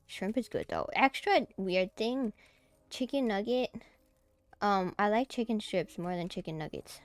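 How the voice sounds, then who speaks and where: A woman's voice: mid-range voice, a little slow, no echo. A woman streamer chatting casually as she plays a game, easily startled and giggly. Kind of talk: casual gameplay commentary.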